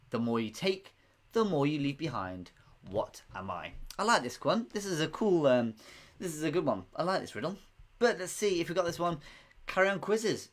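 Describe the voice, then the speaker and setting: Chatty quiz host. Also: male voice, a little high. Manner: chatty, rambling, laughs often. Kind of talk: casual live quiz stream.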